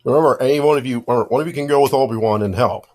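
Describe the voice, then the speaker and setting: A man's voice: medium pitch, very fast, darkish tone. A man acting as game master, narrating in a laid-back way with dry humor. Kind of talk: casual tabletop narration.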